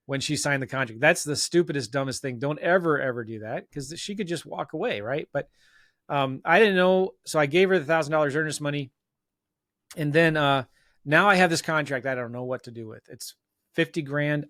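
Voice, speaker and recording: A man, a guest on an interview show, telling a self-mocking story in an animated, casual way and acting out bits of dialogue. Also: a little high, fairly quick, no echo, studio quality. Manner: loose talk full of fillers and restarts. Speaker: guest real estate investor.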